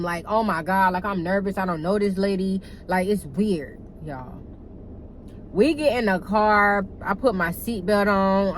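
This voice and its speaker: A young woman telling a casual storytime to her viewers in a chatty, animated way, cussing freely and calling them y'all. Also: medium pitch, a little hiss or hum, low-quality recording. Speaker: vlogger.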